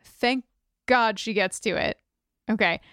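A woman's voice: fairly high pitch, measured pace, fairly bright tone, smooth, no echo, clean studio sound. A woman co-hosting a podcast, recapping a TV episode in chatty casual talk with jokey asides and giggles. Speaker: podcast co-host.

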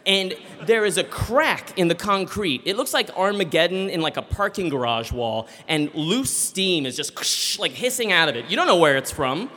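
A man telling a comic personal story live on stage, animated and acting out voices. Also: high-pitched, moderate pace, hardly any pauses, big-room sound. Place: theater stage.

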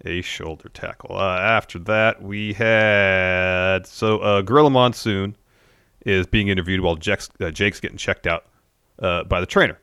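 Male co-host, deep voice, matter-of-fact, dry close mic. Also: unhurried, bright, forceful tone, clear, resonant tone, no echo. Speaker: podcast co-host. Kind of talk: casual wrestling review chat.

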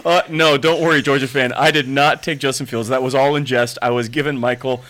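A man's voice: medium pitch, steady tone, brisk, fairly bright tone. Playful man co-hosting a sports podcast. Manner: playful, teasing, reads texts aloud dramatically. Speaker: podcast co-host. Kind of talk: casual sports chat.

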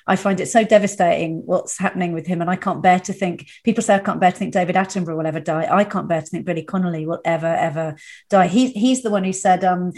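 A woman's voice: lowish voice, fast talker, darkish tone. A woman hosting a podcast interview, talking in a heartfelt, effusive way. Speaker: podcast host. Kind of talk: casual interview chat.

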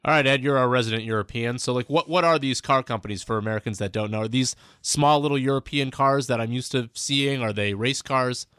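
A man's voice: mid-range voice, a little fast, few pauses, a bit bright, clear, resonant tone, dry recording. Jokey male podcast host. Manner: jokey, loose questions with fillers. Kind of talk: podcast interview.

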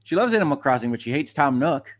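A man's voice: medium pitch, expressive, fast talker, dry recording. A man co-hosting a casual gaming podcast, dropping dry joking asides. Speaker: podcast co-host. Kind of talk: casual chat.

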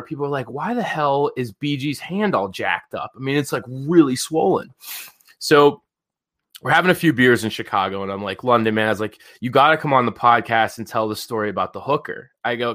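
Bright-voiced, animated male podcast host. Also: mid-range voice, brisk. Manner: animated, profane, lots of "like" fillers. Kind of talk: casual storytelling chat.

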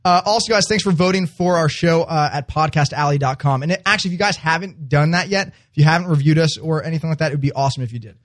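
A man's voice: on the high side, quick pace, few pauses, a bit bright. A young man co-hosting a podcast in an upbeat, casual chat, laughing often. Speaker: podcast co-host.

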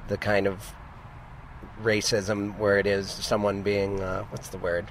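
A man's voice: fairly low pitch, flat delivery, unhurried, slight background noise. A middle-aged man from Montana, co-hosting a podcast, who tells long rambling stories that stop and restart. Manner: rambling, self-interrupting storyteller. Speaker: podcast co-host. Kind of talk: casual chat.

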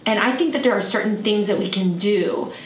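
Soft-spoken woman in an echoey room. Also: mid-range voice, fairly quick. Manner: soft, reflective, with frequent fillers. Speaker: podcast host. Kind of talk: personal storytelling monologue. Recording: echoey room, slightly distant mic, faint noise.

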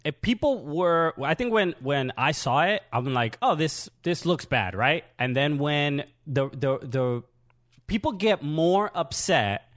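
A man with a fairly high voice talks casually as a podcast co-host. He is earnest and halting and often restarts his sentences while he works through a point. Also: lively intonation, a bit bright. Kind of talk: casual comedic chat.

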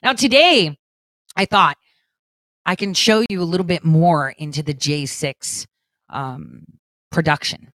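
A woman's voice: low voice, a bit bright, dry recording. A middle-aged woman hosting her own commentary show, talking straight to viewers in a blunt, profane, emphatic monologue full of "right?" tags. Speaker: political commentary show host.

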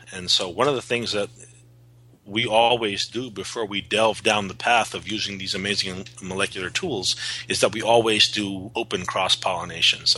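A man's voice: low voice, bright, forceful tone, husky, rough recording. A man being interviewed as a guest, explaining his work in an earnest way with frequent restarts. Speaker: guest, cannabis seed breeder. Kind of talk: podcast interview.

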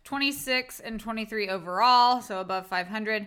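A woman with a bright, fairly high voice teases her co-host in casual podcast chat. Her tone is dry and her sound is clean and crisp. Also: moderate pace. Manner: dry, teasing. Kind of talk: casual sports betting chat.

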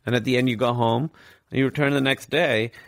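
A man guest in an interview, telling a personal story in an earnest, reflective way with halting restarts. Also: medium pitch, fairly even intonation, dry recording, studio quality.

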